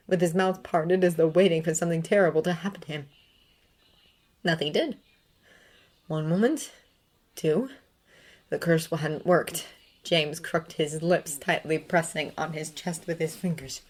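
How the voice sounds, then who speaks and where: Low-voiced woman reading a story. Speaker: reader. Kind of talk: fan fiction reading.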